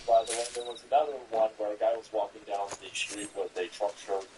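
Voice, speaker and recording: A man's voice: medium pitch, noisy background. A man giving casual, sarcastic, mocking commentary while reacting to videos.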